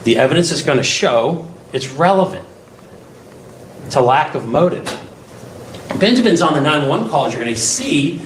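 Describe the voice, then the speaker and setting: A man's voice: on the high side, expressive, moderate pace, pauses often. A male defense attorney giving an opening statement to a jury, emphatic and full of rhetorical questions. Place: courtroom. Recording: echoey courtroom, distant mic, faint hiss.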